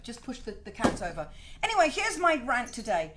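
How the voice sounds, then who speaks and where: A middle-aged woman hosting her own home video show, chatty and swearing freely with animated asides. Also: on the high side, brisk, background noise. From Wales. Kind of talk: casual home video chat. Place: home, indoors.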